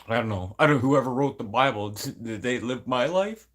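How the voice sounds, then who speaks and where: A man's voice: mid-range voice, animated, normal speed, a bit bright. An adult man venting casually to camera, blunt and rambling, swearing constantly and sounding aggrieved. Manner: emotional, aggrieved. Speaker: vlogger.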